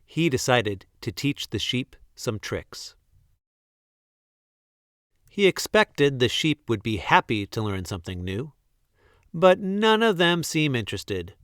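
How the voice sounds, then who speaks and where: A man reading a children's story aloud in a slow, gentle, expressive way. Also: medium pitch, no echo, studio quality. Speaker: storybook reader.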